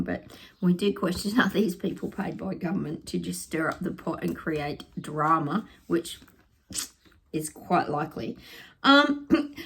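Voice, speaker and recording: A woman's voice: on the low side, creaky, breathy edge. A woman chatting to camera in a sarcastic, laughing way, vlogging to her viewers. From Australia. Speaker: psychic vlogger. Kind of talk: casual chat to camera.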